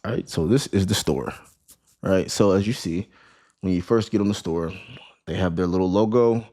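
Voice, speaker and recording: A man's voice: deep voice, normal speed, darkish tone. A man giving a casual screen-share lesson on running an online store, talking conversationally with many "right?" tags and restarted words. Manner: conversational, repeats "right?" and "you know what I mean?", restarts words. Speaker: online business course creator.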